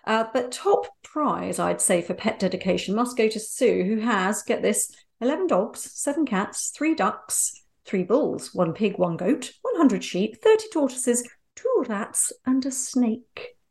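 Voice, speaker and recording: A woman co-hosting a casual podcast, chatty and quick to laugh. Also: fairly high pitch, big pitch swings, creaky, a little mellow. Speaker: podcast co-host. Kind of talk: casual chat.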